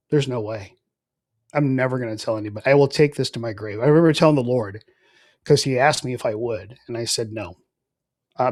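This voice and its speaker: Middle-aged male guest, earnest testimony, mid pitch, dry close mic. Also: dry recording. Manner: earnest, reflective, with frequent fillers and soft trailing phrases. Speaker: podcast guest. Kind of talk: conversational spoken testimony.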